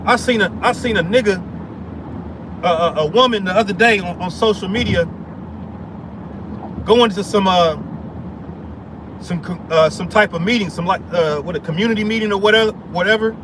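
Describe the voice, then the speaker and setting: A man tells a story in a heated, rambling way. He stumbles and repeats himself often. Traffic hums loudly behind him outdoors. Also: sits high, normal speed, pauses often. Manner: heated, repetitive, restarts and stammers. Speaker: vlogger. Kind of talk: casual storytelling rant.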